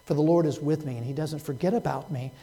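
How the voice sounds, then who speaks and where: A man preaching a Sunday sermon as pastor, swinging from loud, pleading cries to hushed, soft words. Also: a little high, fast, gravelly, rough recording.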